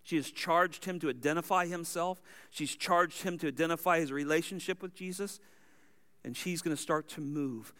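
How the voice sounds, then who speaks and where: A man's voice: a little high, normal speed, bright, forceful tone. A man preaching a verse-by-verse sermon, explaining the text in a teaching manner with asides.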